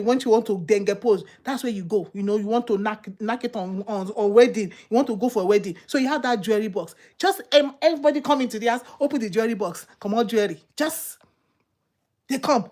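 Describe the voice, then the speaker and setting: A woman delivering a fervent sermon in a fairly high voice. She hammers her points home with repeated rhetorical questions and emphatic, fired-up delivery. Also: fast talker, a little mellow. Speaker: preacher.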